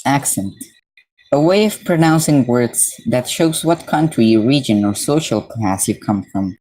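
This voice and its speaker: A man's voice: medium pitch, lively intonation, a little slow, darkish tone, rough recording. A man from Mexico streaming live, reading dictionary definitions aloud and breaking off to chat casually with his viewers.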